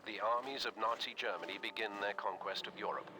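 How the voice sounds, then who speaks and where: A man delivering grave, measured scripted narration for a war game's intro. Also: fairly low pitch, noisy background, natural voice.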